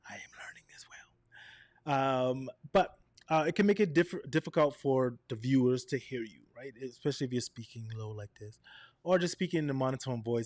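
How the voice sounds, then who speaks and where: A man with a mid-range voice, recorded with no room sound, coaches a session on camera presence. He's animated, asks "right?" frequently, and shifts his tone to demonstrate his points.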